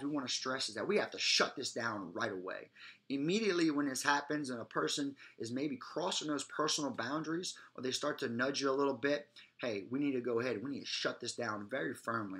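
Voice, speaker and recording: A man's voice: mid-range voice, fairly bright tone. A man teaching self-defense in a presentation, speaking emphatically and often checking in with his listeners. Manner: emphatic, often checks in with "all right?" and "guys". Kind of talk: instructional presentation.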